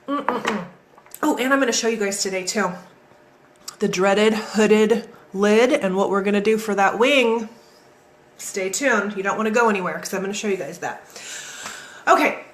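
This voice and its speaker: A woman hosting a live makeup tutorial, chatty and energetic, talking straight to her viewers. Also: medium pitch, roomy sound. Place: home, in California.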